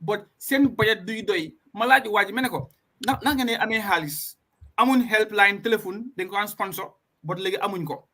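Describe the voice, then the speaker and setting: Man, casual host talk, high voice, bright, emphatic, restarts often. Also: quick pace. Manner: animated, emphatic, with frequent restarts. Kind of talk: casual discussion mixing English and Wolof.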